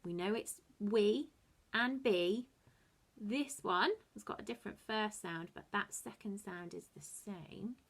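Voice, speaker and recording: A woman teaching a phonics lesson to young children, encouraging them with slow, sing-song explanations and soft asides. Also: mid-range voice. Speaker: early-years teacher.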